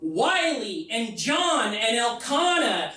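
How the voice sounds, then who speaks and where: A man's voice: very high voice, big pitch swings, slow, sharp tone. A man performing a solo comedy show, telling a rambling, incredulous story full of swearing. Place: festival theater stage. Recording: echoey room from far off.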